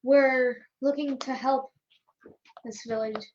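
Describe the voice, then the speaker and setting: A woman's voice: high voice, fairly even intonation, slow pace, darkish tone, muffled recording, slight background noise. A woman playing a tabletop game, answering the game master with brief, casual replies. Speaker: player.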